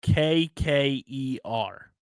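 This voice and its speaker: A man, co-hosting a podcast. He talks slowly and tells stories with plenty of swearing. The sound is dry and close, with no room echo. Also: mid-range voice, smooth. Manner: animated storytelling, swearing, spells words letter by letter. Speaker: podcast co-host. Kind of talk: casual podcast banter.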